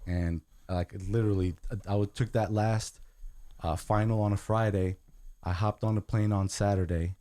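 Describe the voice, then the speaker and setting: A man's voice: on the low side, steady tone, normal speed, warm tone, no room sound. A young man raised in Guatemala and the United States, a podcast guest talking earnestly in casual chat and often saying "man".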